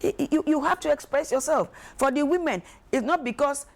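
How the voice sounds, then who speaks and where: A woman, speaking as an expert guest on a talk show, emphatic and animated, acting out quoted voices. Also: high voice, brisk, gravelly. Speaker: guest expert on emotional wellbeing. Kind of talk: studio talk show discussion.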